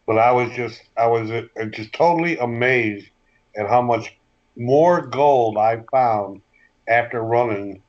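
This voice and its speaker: A man hosting a live call-in show, chatting in a relaxed, agreeing way. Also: mid-range voice, measured pace. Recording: muffled lo-fi audio.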